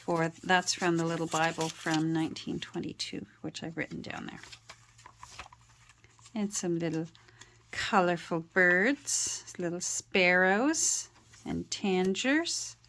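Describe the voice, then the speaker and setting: Woman, crafter, lowish voice; relaxed show-and-tell delivery, gentle and hesitant, lots of ums. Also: takes it slowly, a little hiss or hum. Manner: gentle, meandering, frequent ums and uhs. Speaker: handmade journal artist. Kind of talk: casual show-and-tell narration.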